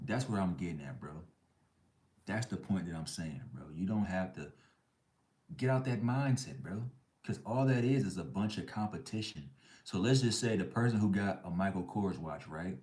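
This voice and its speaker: A man's voice: low-pitched, a little mellow, reverberant. A man hosting a live chat stream, ranting bluntly in heavy slang. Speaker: livestream host.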